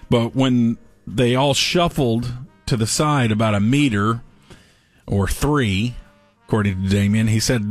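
A man co-hosting a casual talk show, telling a gross news story in an animated way and laughing through it. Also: medium pitch, a little slow, faint music behind. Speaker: podcast co-host. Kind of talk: casual chat, reading a news story aloud.

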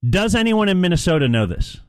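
A man's voice: high voice, sing-song, fast, no echo. A man hosting live sports talk radio, chatty and playful, rambling with asides.

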